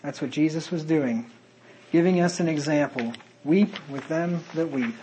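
A man's voice: a little high, normal speed, dark tone, slight background noise, poor audio. A man preaching a sermon in an earnest manner, reading Bible verses aloud in old-fashioned wording.

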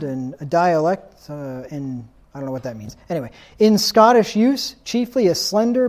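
A man's voice: fairly high pitch, a little mellow. A man preaching a sermon in a stern, insistent tone, reading scripture aloud and asking rhetorical questions.

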